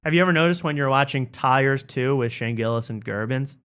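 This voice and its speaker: A man's voice: medium pitch, a little fast, fairly bright tone, clean tone. A man hosting a talk show, riffing in a rambling, joking way. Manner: rambling, riffing, laughs at own bits. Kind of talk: casual comedic chat.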